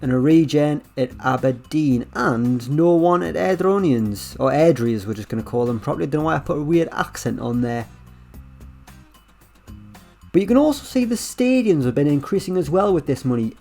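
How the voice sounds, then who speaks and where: A man giving casual, chatty commentary over a management game, with wry asides and lively swings in delivery. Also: fairly high pitch, fairly quick, faint music behind. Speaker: gaming YouTuber.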